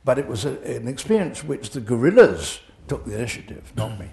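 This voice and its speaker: Older guy telling stories in an interview, gravelly voice, pitch all over the place. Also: fairly quick, slight background noise. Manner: animated, chuckling storyteller. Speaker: interview guest. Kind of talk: storytelling anecdotes in an interview.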